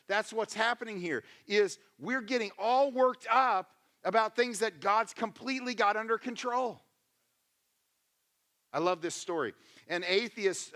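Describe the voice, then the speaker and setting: Brief: male pastor, sermon, emphatic and chatty, bright and sharp, slightly high voice. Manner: emphatic, acts out quotes in voices; conversational, asks the congregation questions.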